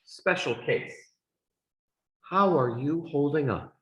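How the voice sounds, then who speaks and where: A man teaching an English class, speaking slowly and deliberately for students. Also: dull audio. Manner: slow, deliberate speech with lively pitch swings. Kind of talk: classroom lesson. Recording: echoey classroom sound.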